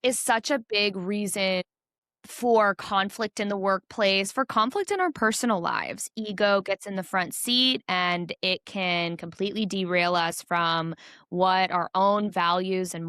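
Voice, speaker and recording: A woman's voice: lowish voice, fairly bright tone, smooth, no room sound. A woman hosting a studio interview, reflecting on the guest's answers and asking follow-up questions. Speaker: podcast host.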